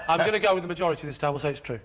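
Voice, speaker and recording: A male comedian with a high, quick voice and a mocking, rapid manner, trading banter on a panel show. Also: animated, crowd noise. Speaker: comedian team captain.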